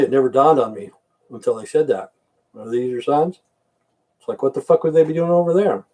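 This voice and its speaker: A man's voice: on the high side, mellow, far from the mic. Blunt, profane older man ranting. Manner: blunt, profane, rambling rants. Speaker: livestream host. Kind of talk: casual livestream chat.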